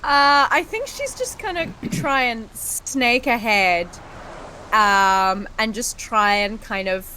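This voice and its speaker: A woman's voice: on the high side, expressive, slow pace, sharp tone, slight background noise, poor audio. A woman playing a tabletop game, chatting casually, giggly and stumbling over words. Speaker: player.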